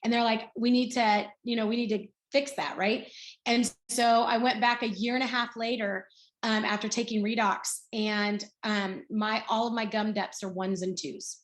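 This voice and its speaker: A woman in her sixties shares her personal story on a video call, chatty and animated as she acts out the dialogue. Her voice sits a bit high. Her voice carries a noticeable room echo. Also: normal speed. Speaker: guest speaker. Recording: roomy echo.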